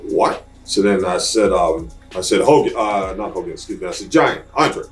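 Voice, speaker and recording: A man with a low voice tells an old story with indignation, stopping to hesitate and then acting out the other voices. Faint music sits behind him. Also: moderate pace. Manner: animated, indignant, hesitant with fillers. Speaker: interviewee. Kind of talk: anecdotal storytelling.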